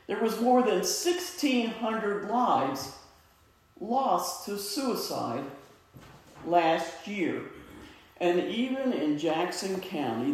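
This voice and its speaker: A middle-aged man giving an earnest, heartfelt personal testimony at a suicide awareness event. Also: high voice. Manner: earnest, slow, heartfelt storytelling. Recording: echoey hall, mic far off.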